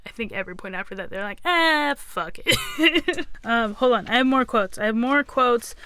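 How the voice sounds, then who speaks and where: A woman's voice: fairly high pitch, quick pace, fairly bright tone, smooth. A woman co-hosting a podcast, chatting casually about movies with frequent giggles and rambling asides. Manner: giggly, rambling, lots of likes. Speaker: podcast co-host. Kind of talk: casual chat.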